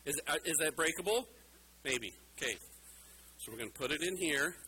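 Man, pastor, children's sermon, playful, animated, high voice, faint background hum. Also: normal speed. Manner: playful, animated, talks directly to kids in the room. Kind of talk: children's sermon with a hands-on demonstration.

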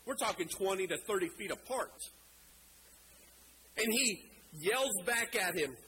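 A male preacher giving a sermon, animated, acting out scripture and slowing down to stress key lines. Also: sits high, crowd noise, poor audio. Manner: animated, acts out scripture quotes, slows for emphasis.

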